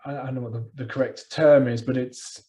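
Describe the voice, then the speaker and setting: A man's voice: medium pitch, steady tone, brisk, dark tone, low-quality recording. A man co-hosting a teacher training webinar, jokey and self-deprecating in a loose, chatty way. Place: online webinar.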